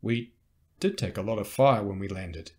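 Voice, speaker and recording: A man voicing a weary middle-aged rebel captain, gruff and resigned but commanding, in an audiobook. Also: on the low side, normal speed, darkish tone, natural voice.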